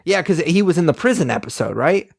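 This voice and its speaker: Young male podcast co-host, gravelly, dry close mic, blunt and rambling. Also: on the high side, fast talker, no echo. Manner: rambling, blunt, animated opinions. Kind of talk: casual review chat.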